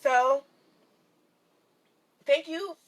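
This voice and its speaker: This woman's voice is high-pitched and very slow. She's a vlogger and spiritual reader livestreaming from her sunlit van, chatting casually and from the heart, tearful and candid with her viewers while she laughs a lot and swears without holding back.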